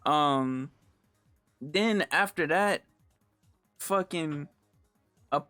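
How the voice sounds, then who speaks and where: A man's voice: drawn-out words, sharp tone, dry recording, faint music behind. A young adult man telling a rambling story in casual, profane slang and acting out the quotes. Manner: acts out quoted lines in swings of pitch. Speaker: storytime YouTuber. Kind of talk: casual storytelling over gameplay.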